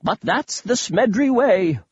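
A man doing a wildly excitable old lord. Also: slow, husky, dry recording, lo-fi sound, exaggerated voice. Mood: excited. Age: older. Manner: exclaiming, theatrical, pitch jumping high.

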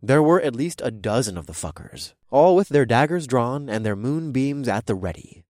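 A man narrating a first-person story with an expressive, lively read, his pitch moving a lot. The recording is dry and close, with no room echo at all. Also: moderate pace. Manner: expressive, animated reading. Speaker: audiobook narrator.

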